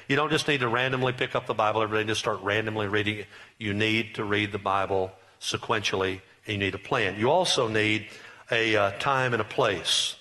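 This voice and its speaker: A man's voice: fairly low pitch, fairly even intonation, fairly quick, bright, forceful tone. A middle-aged man preaching a sermon, emphatic and repetitive, with rising bursts. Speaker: pastor.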